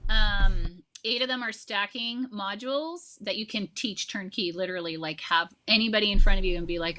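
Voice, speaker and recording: Bright-voiced woman in her forties. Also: medium pitch, moderate pace. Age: 40s. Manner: animated storyteller, many fillers like "like" and "you know". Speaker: guest, social emotional learning teacher. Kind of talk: casual conversation.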